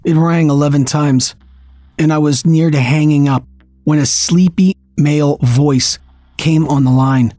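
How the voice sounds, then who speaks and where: A man narrating a first-person story in a steady, tense storytelling manner. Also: fairly high pitch, unhurried. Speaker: audiobook narrator.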